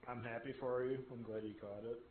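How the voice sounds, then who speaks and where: A man in his thirties chatting while gaming, with a dry, flat delivery. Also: medium pitch, brisk. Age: 30s. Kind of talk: casual gaming chat. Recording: tinny phone-like voice chat line.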